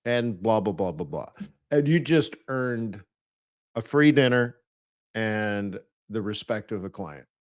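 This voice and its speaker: A man's voice: lowish voice, expressive, takes it slowly. A man hosting a live trading webinar, chatty and playful, laughing at his own jokes and mimicking people in mock voices.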